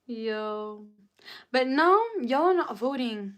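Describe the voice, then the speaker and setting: A young woman live-streaming, chatting casually with her viewers and greeting them by name in a drawn-out way. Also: fairly high pitch, lively intonation. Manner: drawn-out, greets and reads out chat names.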